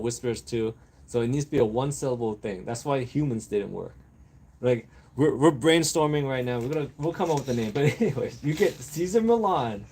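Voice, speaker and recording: In a mid-range voice, a livestream host rambles casually through random topics with his viewers. He laughs often and brainstorms out loud.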